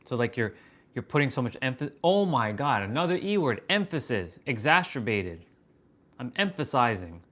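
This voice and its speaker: Halting, marveling man thinking aloud. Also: medium pitch. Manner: wondering aloud, halting, excited swearing. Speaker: fitness and wisdom livestream host. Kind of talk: live stream musing.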